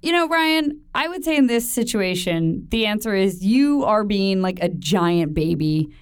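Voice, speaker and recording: A woman's voice: mid-range voice, lively intonation, a little slow, smooth. A woman co-hosting a podcast, teasing and scolding her co-host in mock seriousness. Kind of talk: casual podcast chat.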